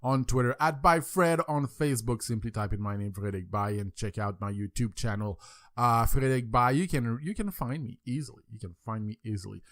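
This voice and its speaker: A man from France with a French accent hosts a podcast in loose, casual talk. He repeats himself and leans on fillers. His mid-pitched voice sits in a dry, close sound. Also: brisk, fairly bright tone, dry recording. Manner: rambling, repeats words, many fillers. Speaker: podcast host.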